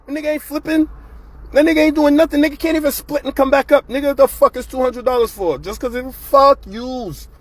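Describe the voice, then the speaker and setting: A man's voice: very high voice, brisk. A man hosting his own show, ranting bluntly and profanely in a casual, fired-up monologue. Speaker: show host.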